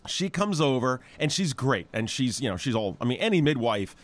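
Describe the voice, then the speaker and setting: A man who hosts a talk show and works as a naturopath, chatting casually in an animated, rambling way with many restarts. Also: mid-range voice, moderate pace.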